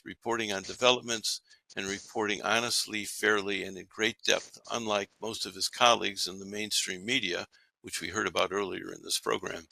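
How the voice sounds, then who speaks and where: Gravelly, forceful man reading commentary. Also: on the low side, no room sound, poor audio. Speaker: podcast host. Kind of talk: read-aloud scripted commentary.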